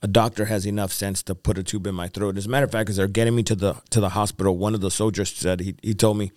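A man's voice: lowish voice, steady tone, fast talker, darkish tone, no echo, studio quality. A male evangelist, the interview guest, tells his story in an earnest, rambling way with repeated phrases and fillers. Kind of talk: testimony in a podcast interview.

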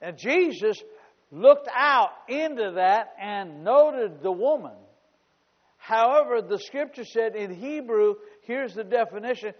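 High-voiced pastor preaching in a hall. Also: male voice, expressive, takes it slowly, lo-fi sound. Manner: storytelling with humor, rising to shouts. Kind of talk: sermon.

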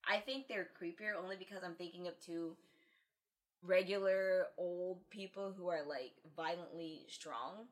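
A woman's voice: on the low side, measured pace. A woman in a casual podcast chat, telling stories animatedly, acting out quotes and laughing often. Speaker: podcast co-host.

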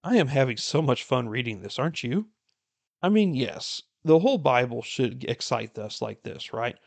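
Gravelly-voiced man reading scripture aloud. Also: mid-range voice, expressive. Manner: earnest, unhurried reading that turns to warm casual commentary. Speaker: Bible reading plan host.

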